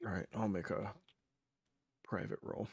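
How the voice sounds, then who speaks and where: A man's voice: on the low side, fairly even intonation, a little slow, gravelly, slightly rough, dry recording. A man narrating a tabletop game as dungeon master, casual and hesitant, with many fillers.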